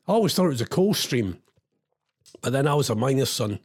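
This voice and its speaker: A man's voice: mid-range voice, sing-song, brisk, breathy edge. Scottish dj guy running a quiz with his listeners, playful and teasing, voice swings up and down a lot. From Scotland. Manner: playful and teasing, reads out comments. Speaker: radio DJ. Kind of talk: casual live-stream quiz chat.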